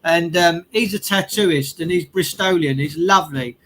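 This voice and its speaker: A man with a high voice talks in a casual chat, earnest and emphatic. He keeps repeating his key phrases, and faint room noise sits behind him. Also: moderate pace, fairly bright tone, rough recording.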